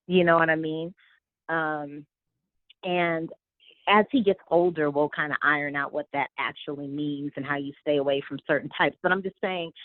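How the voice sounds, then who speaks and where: A woman in her forties calling in to a chat show, speaking earnestly and thoughtfully, with frequent pauses. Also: on the low side, no room sound. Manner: earnest, thoughtful, hesitant with fillers. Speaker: guest calling in. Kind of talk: casual chat. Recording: phone line.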